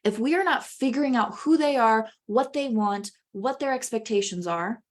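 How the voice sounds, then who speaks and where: A woman presenting a webinar on public speaking, talking in an animated way and swinging her pitch widely for emphasis. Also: moderate pace.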